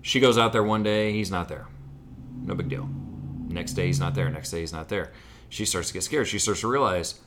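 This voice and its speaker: A man's voice: deep voice, fairly quick, fairly bright tone, a little hiss or hum. A man co-hosting a podcast, chatting casually and telling jokes, often laughing at his own punchlines and swearing. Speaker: podcast co-host. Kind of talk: casual joke-telling chat.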